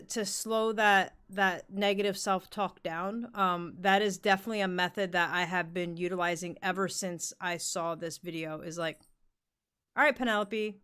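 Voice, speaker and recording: A woman's voice: mid-range voice, fairly bright tone, clear, resonant tone. A young woman co-hosting a podcast in casual chat, talking candidly, swearing freely and leaning on "like" a lot. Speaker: podcast co-host.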